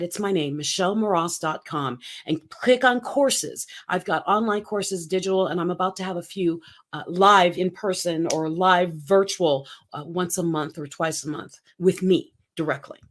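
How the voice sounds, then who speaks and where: A woman in her fifties, a speaking coach giving an energetic, emphatic motivational interview and acting out quotes. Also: lowish voice, moderate pace. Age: 50s.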